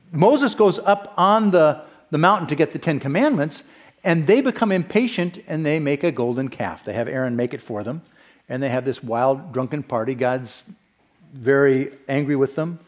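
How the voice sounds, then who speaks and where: Conversational pastor, slightly high voice. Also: male voice. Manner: conversational storytelling with fillers and restarts. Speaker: senior pastor. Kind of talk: sermon.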